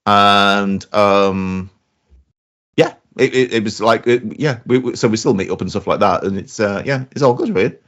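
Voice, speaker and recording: A man's voice: fairly low pitch, normal speed, a bit bright. A man, co-hosting a casual podcast and telling rambling stories full of fillers and restarts. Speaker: podcast co-host. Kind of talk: casual chat.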